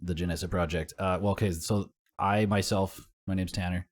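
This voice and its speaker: A man's voice: low-pitched, steady tone, normal speed. A young man co-hosting a casual podcast, telling rambling stories full of swearing and laughter. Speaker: podcast co-host.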